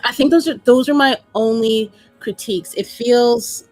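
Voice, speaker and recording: A woman's voice: fairly high pitch, moderate pace, darkish tone, no room sound, soft background music. A woman co-hosting a casual comic review podcast, playful and giggly as she gives her critiques. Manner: playful, giggly, food metaphors. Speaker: podcast co-host.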